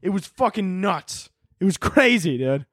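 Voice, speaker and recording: A man's voice: sits high, a little slow, no room sound, clean studio sound. A young man hosting a solo podcast with a sore throat, ranting profanely and animatedly as he tells stories. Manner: profane, animated storytelling, shouts when mimicking others. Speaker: podcast host. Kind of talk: solo comedic podcast rant.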